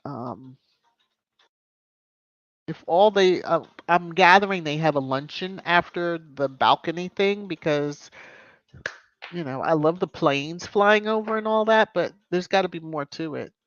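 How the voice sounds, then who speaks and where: A woman's voice: lowish voice, measured pace, dry recording, highs cut off. A woman hosting a casual live stream, greeting viewers by name and making emphatic asides. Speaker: YouTube live-stream host. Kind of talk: casual live-stream chat reading comments.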